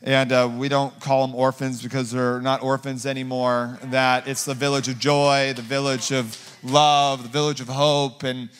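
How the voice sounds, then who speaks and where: A middle-aged man preaching as a guest pastor, telling a story in a rambling, filler-heavy way and getting animated when he quotes himself. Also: mid-range voice, normal speed, few pauses. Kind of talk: conversational sermon storytelling. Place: church sanctuary. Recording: long hall reverb.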